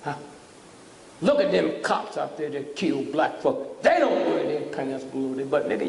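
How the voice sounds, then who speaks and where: A man's voice: fairly high pitch, creaky, slight background noise. An older man giving a fiery public lecture, preachy and provoking, often tossing out "huh?" at the audience. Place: lecture hall. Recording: echoey hall from a distance.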